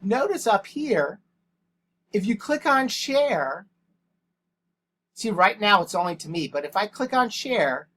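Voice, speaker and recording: A man's voice: high-pitched, very animated, slow, long pauses, fairly bright tone. A male English teacher giving a screen-recorded tutorial, speaking into a headset microphone and dictating punctuation aloud in a plain, matter-of-fact way. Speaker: English language arts teacher.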